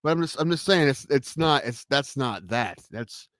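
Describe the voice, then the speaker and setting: A man co-hosting a casual comedy podcast, ranting with swearing and restarts, swinging between loud outbursts and mutters. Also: mid-range voice, animated, normal speed, a little hiss or hum. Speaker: podcast co-host.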